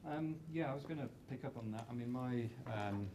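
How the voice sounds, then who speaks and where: A man speaking as an academic panelist at a conference, giving measured and articulate explanations. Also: medium pitch, darkish tone. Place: conference stage. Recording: dull, lo-fi recording with faint noise.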